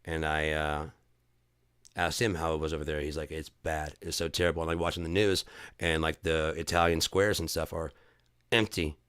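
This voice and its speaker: A man with a low-pitched, forceful and crisp voice talks on his livestream. He rants with heat and curses freely, often doubling back and restarting his sentences. The sound is dry and close. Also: little pitch movement, moderate pace, no echo. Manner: profane, heated ranting; rambling with restarts. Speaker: livestream host. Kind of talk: casual chat.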